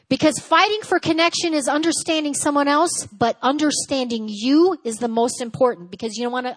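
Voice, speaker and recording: A woman giving a teaching sermon at a church service, lively and conversational, acting out little dialogues and checking in with her listeners. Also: fairly high pitch. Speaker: church speaker.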